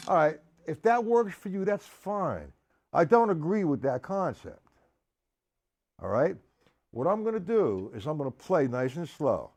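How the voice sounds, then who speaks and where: Man teaching drums on a live stream. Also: on the high side. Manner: explains patiently, addresses viewers by name, counts beats aloud; counts loudly over his own drumming. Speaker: drum teacher. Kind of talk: live-streamed drum lesson. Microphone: live stream setup. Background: drums playing.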